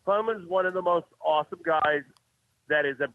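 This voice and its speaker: A man's voice: fairly high pitch, brisk, narrow, tinny audio. A man calling in to a podcast, drunk and teasing the hosts with crude banter. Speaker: caller.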